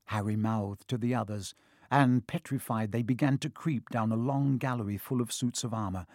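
An audiobook narrator telling a story in an animated, expressive way. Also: moderate pace, dry recording, studio quality. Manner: animated storytelling, varied pitch. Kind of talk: scripted narration.

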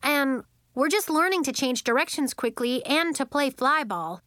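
Woman doing a friendly bossy young girl, storybook voice, slightly raised pitch, dry sound. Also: animated, normal speed, sharp tone, no echo. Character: confident, kind young girl flyer.

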